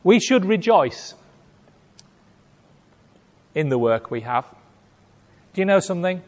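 A man preaching a sermon, telling a story with acted-out voices and big swings between loud and hushed. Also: high voice, very animated, takes it slowly. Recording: long hall reverb.

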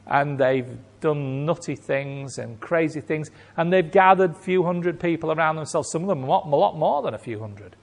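A man's voice: a little high, animated, moderate pace, hardly any pauses. A man preaching a sermon in an emphatic, rhetorical way, acting out imagined reactions and repeating key phrases. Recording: long hall reverb.

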